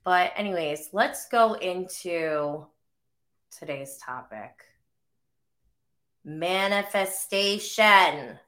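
A woman's voice: on the low side, animated, drawn-out words, long pauses, a bit bright. A woman in her thirties hosting a podcast, chatting casually and rambling with lots of fillers, coughing while getting over the flu. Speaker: podcast host and mother. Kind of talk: casual chat.

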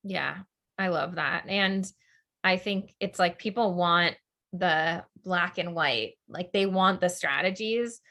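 A woman's voice: lowish voice, slow, sharp tone. A woman hosting a podcast interview, chatting in an affirming, casual way with many fillers. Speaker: podcast host.

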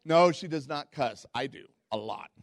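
A man preaching a sermon as pastor, telling stories in a candid, self-mocking way and jumping into high squeaky voices when quoting people. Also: normal speed, no echo. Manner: animated storytelling, jumps into high squeaky voices for quotes.

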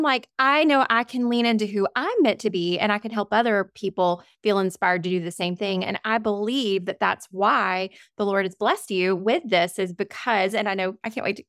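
A woman's voice: mid-range voice, gravelly, fairly bright tone, dry recording, studio quality. A woman hosting a podcast interview, speaking in an encouraging, faith-centered way as she sets up her guest's story. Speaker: podcast host.

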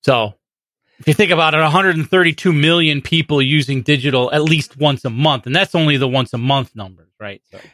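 A man on a casual tech podcast talks in a measured, agreeable way and often restarts his sentences. His voice is slightly high and bright. The sound is dry and close. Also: no echo. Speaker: podcast co-host.

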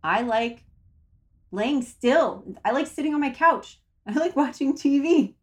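A woman's voice: high voice, expressive, a little slow. A woman speaking casually to her viewers, giving self-help advice in a chatty way and repeating words for emphasis.

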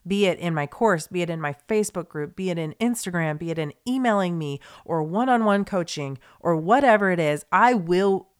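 A young woman speaks on her podcast in a lowish voice, earnest and confiding. She rambles with fillers and restarts and lets her emotion show. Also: lively intonation, brisk, hardly any pauses, clean tone. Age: young adult. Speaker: podcast host. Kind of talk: heartfelt podcast monologue.

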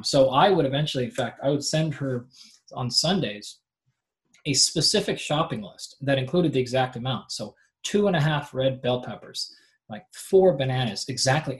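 Animated man explaining coaching ideas. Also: mid-range voice. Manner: animated explainer, acts out athletes' voices; frequent filler "like" and restarts. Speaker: performance coach, podcast guest. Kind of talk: casual interview conversation.

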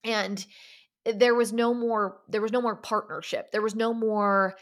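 A woman's voice: fairly high pitch, fairly even intonation, measured pace. A young adult woman hosting a solo podcast, talking candidly and confessionally, often saying "like" and restarting her sentences. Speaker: podcast host.

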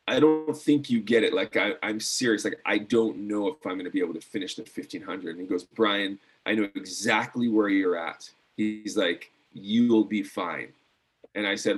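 Husky-voiced man telling an earnest story. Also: fairly low pitch. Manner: earnest, many fillers and restarts. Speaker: guest, former decathlete. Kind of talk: casual storytelling interview.

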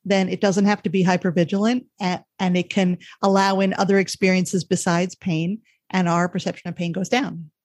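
A woman hosts a podcast interview and explains ideas calmly. Her voice sits at a middle pitch. The recording is dry. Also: no echo. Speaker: podcast host.

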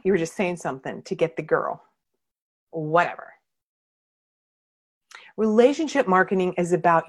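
A woman coaching her clients in a candid training talk, emphatic and blunt, and she swears freely. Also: lowish voice. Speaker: marketing coach.

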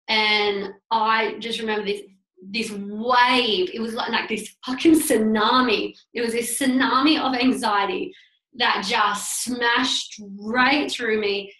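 A woman's voice: fairly high pitch, fairly even intonation, measured pace, sharp tone. Candid, profane woman in an echoey room. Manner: candid, emotional, swears freely. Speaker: small business owner. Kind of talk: personal storytelling vlog. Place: home office at her desk.

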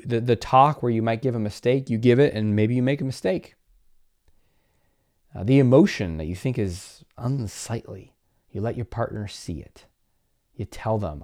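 A man's voice: medium pitch, warm tone. A man hosting a podcast, talking earnestly in a coaching tone and acting out the voices of people he quotes. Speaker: podcast host. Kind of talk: motivational podcast talk.

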